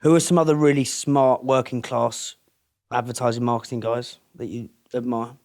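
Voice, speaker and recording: A man's voice: mid-range voice, level tone, normal speed, darkish tone. A man hosting an informal interview, asking questions loosely with lots of filler words. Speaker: podcast host. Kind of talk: casual interview.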